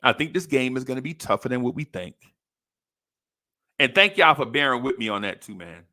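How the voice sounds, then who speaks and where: Podcast host, man, mid-pitched, storytelling with lively put-on voices, dry close mic. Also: a little fast, dry recording. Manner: animated, acts out quoted voices with high pitch jumps. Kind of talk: casual storytelling.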